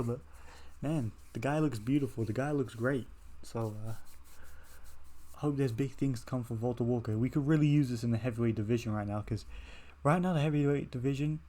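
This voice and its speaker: A young man talks through fight results in a relaxed, meandering way. He swears constantly and keeps circling back to his points. His voice sits at an everyday middle pitch. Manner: rambling, laid-back, heavy swearing. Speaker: MMA reaction channel host. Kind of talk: casual fight breakdown.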